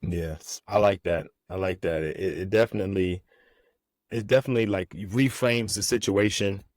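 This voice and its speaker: Low-voiced casual podcast host, man. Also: darkish tone, no echo, studio quality. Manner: casual, halting, repeats words. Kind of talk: podcast interview.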